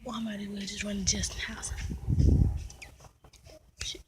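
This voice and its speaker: A young woman vlogging from inside a parked car, whispering one moment and shouting the next. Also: medium pitch, level tone, a little slow, background noise. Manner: swings between loud outbursts and hushed whispers. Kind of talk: casual car vlog. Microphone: phone camera.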